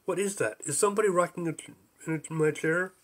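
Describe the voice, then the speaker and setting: A man voicing a gentle, hesitant talking mountain in an audiobook, fussing and consoling. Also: a little high, fast.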